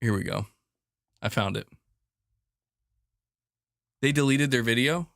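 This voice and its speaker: A man's voice: medium pitch, slow, gravelly, a bit bright, dry recording, clean studio sound. A man hosting a gaming news show in casual chat, rambling, exasperated and jokey.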